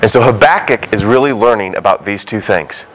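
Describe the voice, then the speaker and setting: A man's voice: fairly low pitch, animated, brisk, a bit bright, a little hiss or hum, poor audio. A man preaching a sermon as a pastor, talking conversationally and acting out short quoted voices.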